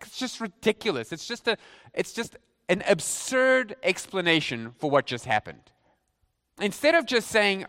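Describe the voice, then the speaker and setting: A man preaching a sermon in an animated way, asking rhetorical questions and acting out mock quotes. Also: fairly high pitch. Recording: reverberant hall.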